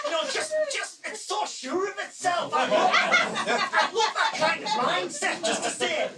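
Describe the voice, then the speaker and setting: A man in his forties performing a stand-up comedy set on a club stage, with a punchy delivery that often breaks into a shout. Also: very high voice, big pitch swings, takes it slowly. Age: 40s. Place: comedy club stage before a live audience. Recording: echoey club room miked from a distance, loud crowd laughter.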